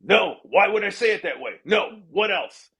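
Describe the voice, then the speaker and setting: A man briefly imitating a brusque older businessman who curtly turns down every suggestion, his pitch raised a little above his own. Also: lively intonation, quick pace, gravelly. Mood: dismissive. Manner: curt, rejecting, repeating "no, what else". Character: brusque older male celebrity businessman, impatient and dismissive.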